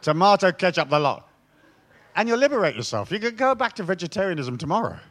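A man's voice: high voice, sing-song, quick pace, a bit bright. A middle-aged man, a spiritual speaker joking with a live audience in a profane, storytelling way. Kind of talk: irreverent talk to a live audience.

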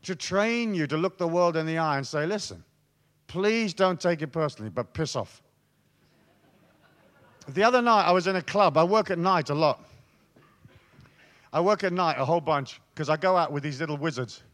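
A man giving a swaggering, profane motivational talk, telling stories to an audience and dropping to hushed tones for emphasis. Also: on the high side, moderate pace. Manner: swaggering, profane, theatrical storyteller. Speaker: motivational speaker.

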